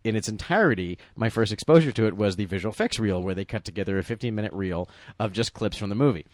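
A man's voice: fairly low pitch, quick pace, no echo. A middle-aged or older man casually telling a long, rambling story with many restarts while chatting about a movie. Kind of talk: casual movie commentary chat.

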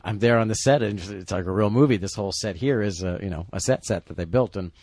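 A man recording a casual film commentary, telling animated behind-the-scenes stories and acting out quotes. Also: fairly low pitch, fast talker, no echo. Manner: animated storyteller, acts out quotes. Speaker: special effects artist on a movie commentary.

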